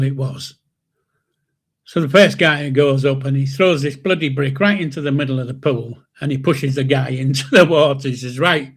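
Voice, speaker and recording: A man's voice: mid-range voice, vocal fry, breathy edge. An older man hosting a live stream, telling a story in a rambling, chuckling way with mild swearing. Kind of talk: casual storytelling.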